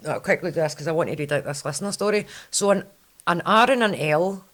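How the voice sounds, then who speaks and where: A woman's voice: lowish voice, fairly bright tone. A woman with a Scottish accent hosting a podcast in a chatty, rambling way. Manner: chatty, quick, rambling storyteller. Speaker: podcast host. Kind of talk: casual chat.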